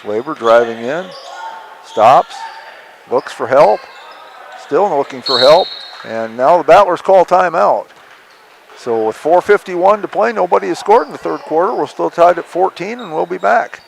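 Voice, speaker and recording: A man's voice: fairly high pitch, lively intonation, measured pace, vocal fry. A man doing easygoing, joking play-by-play commentary on a basketball webcast. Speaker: play-by-play announcer. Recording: noisy gym webcast. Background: gym ambience, ball bouncing.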